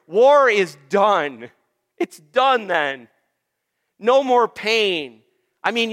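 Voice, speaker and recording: A male pastor preaching a sermon in a church, emphatic, drawing out slow repeated lists and calling for amens. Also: sits high, fairly bright tone, in a large hall. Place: church sanctuary.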